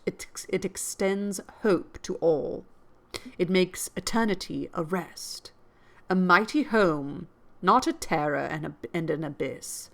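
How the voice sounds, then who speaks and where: A woman voicing a gentle, pious orphan schoolgirl in a storybook reading, soft and earnest, a little low-pitched. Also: creaky.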